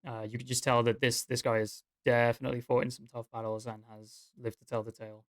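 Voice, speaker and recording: A man running a tabletop game as game master, narrating in a relaxed, rambling way with fillers. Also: medium pitch, fast talker, no room sound, clean studio sound.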